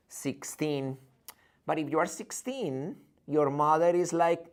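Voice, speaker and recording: A man's voice: a little high, takes it slowly. Man, online English teacher, playful, theatrical, video call. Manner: playful, theatrical, jokes and acts out student questions. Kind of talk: live online English lesson.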